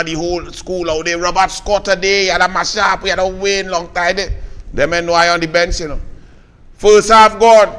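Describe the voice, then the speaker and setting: Animated Trinidadian man with a ringing reverb. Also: high-pitched. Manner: animated Creole storytelling, scornful toward opponents. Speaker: political talk show host. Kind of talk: live political commentary and storytelling. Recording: long reverb.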